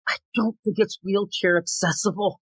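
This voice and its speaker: A man co-hosting a comics podcast in casual chat, animated and laughing often as he acts out quick voices. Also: sits high, husky, no room sound, poor audio. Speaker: podcast co-host.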